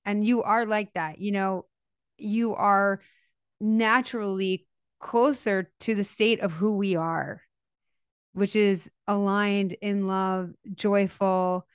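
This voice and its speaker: A woman's voice: medium pitch, steady tone, takes it slowly, smooth, no room sound, clean studio sound. A woman in her thirties hosting a podcast, asking questions in an effusive, emotional way. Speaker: podcast host. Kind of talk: conversational interview.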